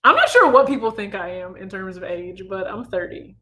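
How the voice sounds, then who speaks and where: Midwestern man, 30s, channel host; easygoing chat with a sharp, bright tone. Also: sits high, a little fast. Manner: relaxed, chatty, reads viewer questions aloud. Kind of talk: casual livestream Q&A.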